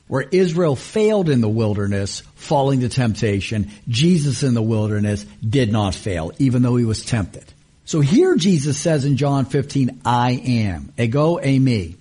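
A man preaching a sermon, teaching with emphatic stresses, slowing down on key words and asking rhetorical questions. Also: medium pitch, warm tone, husky. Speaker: pastor.

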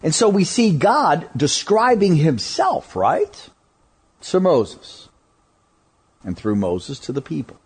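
A man preaching a sermon, emphatic and deliberate, often asking rhetorical questions. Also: on the high side, wildly swooping pitch, breathy edge.

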